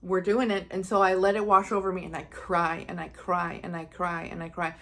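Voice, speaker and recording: A woman's voice: fairly low pitch, level tone, a little fast. A young woman, a psychic medium, earnestly telling a personal story to her viewers and acting out her own thoughts with feeling. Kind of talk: casual personal storytelling to camera.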